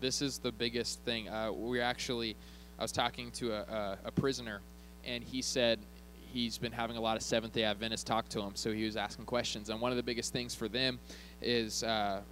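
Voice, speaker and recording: A man's voice: medium pitch, a bit bright, a little hiss or hum, rough recording. A man preaching a sermon as pastor of his church, speaking conversationally, joking with the congregation and often checking in with them.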